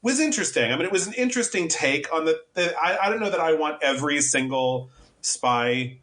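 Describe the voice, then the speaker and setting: A man's voice: fairly high pitch, animated, fairly quick, a bit bright. A man co-hosting a podcast, chatting casually about a film and musing aloud with quoted asides. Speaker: podcast co-host. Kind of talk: casual film review chat.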